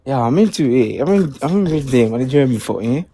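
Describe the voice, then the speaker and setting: A man's voice: medium pitch, animated, fast, dark tone. A man in his twenties with a Ghanaian accent, calling in from outdoors, hesitant and agreeable, often answering with yeah. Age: 20s. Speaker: caller.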